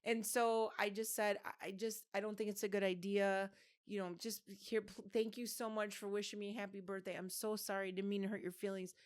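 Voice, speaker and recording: A woman's voice: mid-range voice, level tone, fairly quick, clear, resonant tone. A woman in her fifties co-hosting a podcast, telling a long personal story in a rambling way, full of restarts and fillers. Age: 50s. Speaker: podcast co-host. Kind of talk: casual chat, storytelling.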